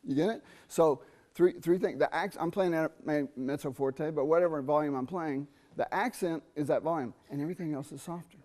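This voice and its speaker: Middle-aged man teaching a trumpet masterclass. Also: fairly high pitch. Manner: animated, sings rhythms and asks students quick questions. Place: university theatre.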